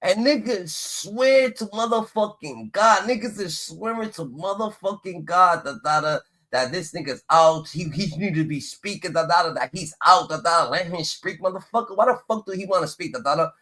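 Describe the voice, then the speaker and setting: A man joins a live stream as co-host and speaks in a profane, rambling way, tacking "da, da, da" onto his phrases. His voice is bright and tense and pitched a little high for a man. He swears freely as he talks. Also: animated, moderate pace, hardly any pauses. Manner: peppers every phrase with "da, da, da", profane. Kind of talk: heated live-stream commentary.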